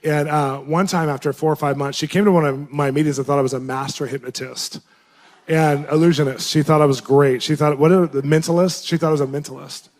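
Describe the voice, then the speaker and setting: A man with a slightly high voice tells his testimony as a minister. He speaks with animation and laughs often. His pitch leaps up whenever he acts out his own surprised reactions. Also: a little fast. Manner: lively, laughs often, voice jumps up for quoted reactions. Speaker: Christian minister sharing a testimony. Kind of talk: animated personal storytelling.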